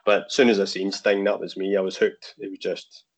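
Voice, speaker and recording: A man chatting casually as a podcast guest, relaxed and quick to laugh. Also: low voice. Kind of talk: casual chat. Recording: muffled lo-fi remote audio.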